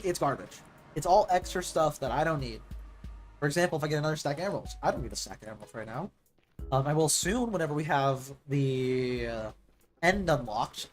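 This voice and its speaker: A gaming streamer chatting casually and telling stories in a rambling way, with lots of "like" fillers. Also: mid-range voice. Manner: rambling, animated storytelling with filler "like".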